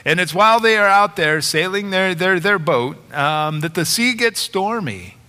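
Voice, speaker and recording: A middle-aged male pastor preaching a sermon, retelling a story and growing animated in the dramatic parts. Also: high-pitched, moderate pace. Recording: long hall reverb.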